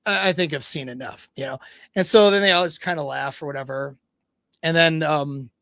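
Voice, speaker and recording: A man's voice: fairly high pitch, fairly bright tone, no echo, clean studio sound. Casual man retelling a pickup story. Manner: casual retelling with quoted dialogue, frequent restarts and laughs; swears casually. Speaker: dating coach. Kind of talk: livestream storytelling.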